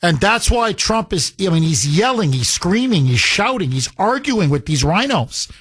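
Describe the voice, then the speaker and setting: A man's voice: high-pitched, big pitch swings, normal speed, a bit bright, breathy edge. A man hosting a political call-in radio show, talking emphatically and rambling through asides. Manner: emphatic, rambling, laughs at his producer. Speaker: radio talk show host.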